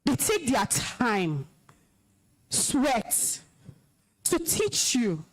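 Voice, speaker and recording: A young woman with a Nigerian accent addresses a room of students, her voice high and swinging widely as she scolds them sternly. She gives orders, then turns emotional and commanding when she speaks about respect for teachers. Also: huge pitch swings, very slow. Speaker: alumna speaker at school event.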